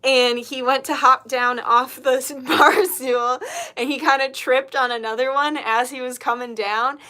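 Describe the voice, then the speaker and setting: Bright-voiced chatty woman livestreaming. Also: sits high, fairly even intonation, measured pace. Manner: chatty, laughing storyteller, blunt when annoyed. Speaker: spiritual healer and livestream host. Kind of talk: casual livestream chat, reading comments.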